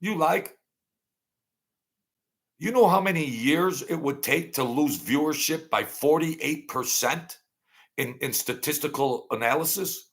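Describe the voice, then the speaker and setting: A man's voice: a little high, measured pace, vocal fry. A man giving opinionated commentary as a podcast guest, emphatic, with frequent stumbling restarts.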